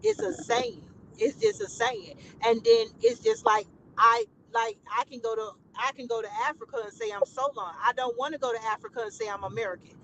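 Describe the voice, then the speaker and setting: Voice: medium pitch, lively intonation, a little fast, a bit bright, a little hiss or hum, rough recording. A live stream co-host in casual political talk, explaining through examples and pressing a point.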